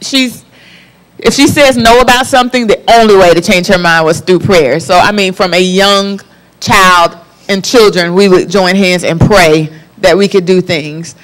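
A young woman from the Florida Panhandle sharing a personal testimony as a talk show guest, animated and laughing often. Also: fairly low pitch, a little slow.

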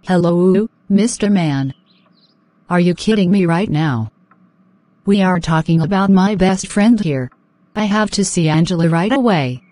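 A woman's voice: lowish voice, a little slow, no echo, close to an everyday voice. Brief: woman doing a frazzled young woman, snappy and worried, dry close sound. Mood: exasperated. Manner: exasperated, sharp-tongued, fretful. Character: flustered, anxious young fiancée. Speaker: voice actor in animated drama.

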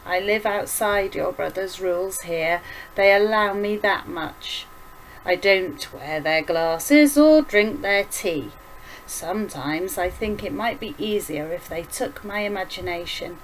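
A woman reading aloud and voicing a gentle, grieving elderly mother who talks softly and slowly. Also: fairly low pitch, slight background noise. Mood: sorrowful. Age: older. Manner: soft, slow and tender.

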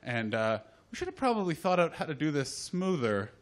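A Canadian man hosting a live comedy chat show, joking loudly, then dropping into muttered asides. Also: a little high, big pitch swings, brisk. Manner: loud, jokey, swings between shouting hype and muttered asides. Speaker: host. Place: live comedy venue with audience.

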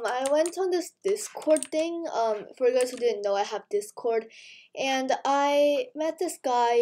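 Breathless, stammering high-voiced woman gamer. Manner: breathless, stammering and spluttering with excitement. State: overexcited and tired. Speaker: gaming video host. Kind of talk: excited gaming vlog chat.

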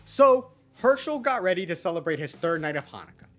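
A man hosting a livestream, telling a playful story in a casual, animated way. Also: high voice, a little fast, soft background music. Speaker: livestream host.

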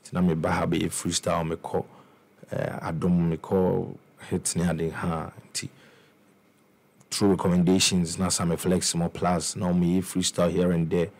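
At a moderate pace, a young Ghanaian musician speaks in a low-pitched, darkish voice with a level tone. He tells his life story in a casual interview, blending English and Twi and frequently restarting or repeating words.

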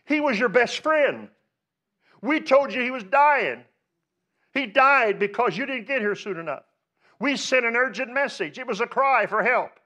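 A grieving woman , as a preacher puts her on, lifts her voice high and slow, pleading and accusing a friend who came too late. The sound is dull and lo-fi, like an old church recording. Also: expressive, pushed and bright, full character voice. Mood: reproachful.

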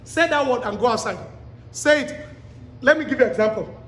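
A man preaching a sermon to a live congregation, pleading and exhorting with shouted, repeated commands and quizzing the listeners directly. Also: very high voice, lively intonation, a little fast. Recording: echoey hall with long reverb.

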